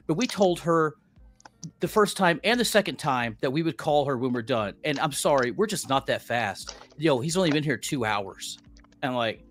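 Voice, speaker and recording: A man's voice: on the high side, expressive, moderate pace, fairly bright tone, a little hiss or hum. A middle-aged man, a podcast co-host, telling a story as a heated, profane rant and acting out quotes.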